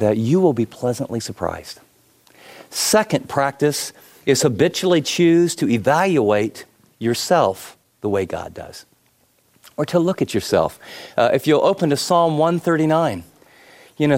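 A man pastor preaching a sermon, telling stories in an animated way with frequent fillers. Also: mid-range voice.

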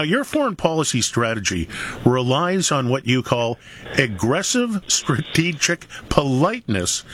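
A man co-hosting a talk radio show, putting questions to the host in a measured way. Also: fairly high pitch, fairly bright tone, a little hiss or hum.

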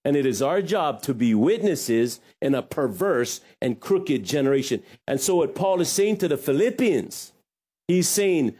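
A man preaching a sermon as pastor, lively, with joking asides. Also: on the high side, a little slow, husky.

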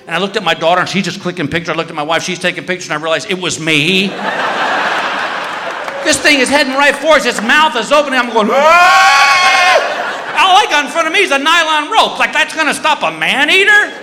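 A man doing a stand-up comedy routine, telling a story with lively shouts and voices. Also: high-pitched, fast talker. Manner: animated storytelling, many put-on shouts. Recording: live club with long reverb and faint noise.

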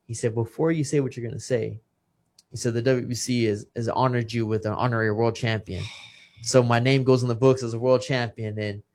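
A man's voice: medium pitch, level tone, fairly quick, darkish tone. A man in his thirties, a retired boxer, telling his story in a casual interview with emotion and repeated words. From Texas.

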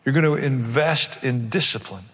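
A pastor preaching a sermon, emphatic and conversational, repeating key phrases. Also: male voice, medium pitch, moderate pace, fairly bright tone, slightly rough. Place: large church hall. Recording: long hall reverb.

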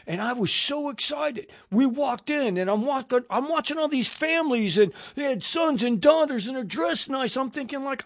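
Older male radio preacher, high voice, animated storyteller, close dry mic. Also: no echo. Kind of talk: testimony sermon.

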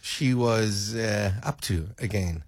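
A man's voice: fairly low pitch, slow, no echo. A man hosting a casual radio chat, playful and full of stammered restarts. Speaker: radio host.

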